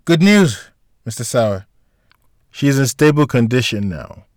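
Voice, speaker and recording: A man voicing a kind, calm female hospital nurse in an audiobook, polite and reassuring. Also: medium pitch, a little slow, no echo, clean studio sound. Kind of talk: audiobook character voice.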